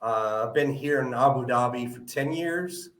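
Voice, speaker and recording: A man's voice: medium pitch, normal speed, fairly bright tone, roomy sound, low-quality recording. A man hosting a live podcast interview, friendly and full of "uh" fillers. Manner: friendly, filler-heavy, many "uh"s. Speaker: podcast host.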